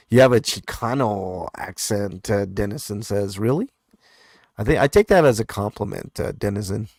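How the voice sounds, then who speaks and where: Low-voiced laid-back man reading comments. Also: animated, moderate pace, darkish tone, no room sound, clean studio sound. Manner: laid-back, hesitant, lots of fillers and chuckles. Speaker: host reading viewer comments. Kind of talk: casual live comment show chat.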